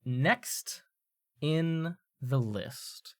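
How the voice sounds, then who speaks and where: A man's voice: on the high side, very slow, no room sound, studio quality. A man narrating a tabletop game as game master, rambling with many fillers and restarts.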